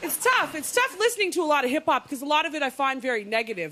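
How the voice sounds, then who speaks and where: Animated woman doing stand-up. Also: sits high. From Canada. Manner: animated, punchy delivery with quick asides. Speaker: stand-up comedian. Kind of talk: stand-up comedy set.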